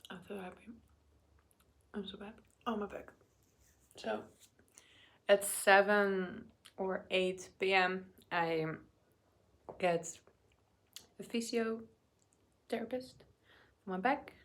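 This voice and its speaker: Slow, halting young woman vlogger. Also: medium pitch, steady tone. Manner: halting, many restarts, murmuring and whispering while eating. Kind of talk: casual eating vlog chat.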